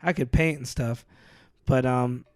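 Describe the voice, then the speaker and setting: A man's voice: mid-range voice, fairly even intonation, a little slow, a little mellow, no echo, studio quality. A man co-hosting a podcast, telling a rambling, slangy story with laughs. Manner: rambling anecdotal, laughs often, slangy "dude". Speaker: podcast co-host. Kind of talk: casual storytelling chat.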